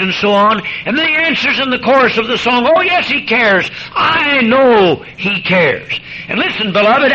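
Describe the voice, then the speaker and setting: A man delivers a sermon in an unusually high voice, pressing his points emphatically and speaking straight to his listeners. The sound is dull and muffled, like an old radio broadcast. A steady hiss runs underneath. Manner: emphatic, addresses listeners as beloved. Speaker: preacher.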